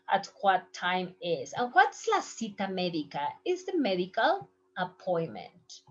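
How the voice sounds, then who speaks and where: A woman teaches medical Spanish from slides at an unhurried pace. Her pitch rises and falls a lot as she repeats each phrase and explains it. The recording sounds muffled and lo-fi. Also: huge pitch swings. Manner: slow, explains and repeats phrases in both languages. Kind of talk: slide-based language lesson.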